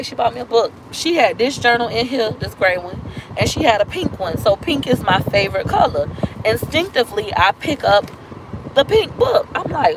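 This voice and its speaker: A woman's voice: a little high, sing-song, moderate pace, noisy background. A woman in her thirties talking candidly in a personal vlog, emotional, repeating herself and acting out what others said. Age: 30s. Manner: emotional, repeats herself, acts out quoted speech. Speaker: vlogger.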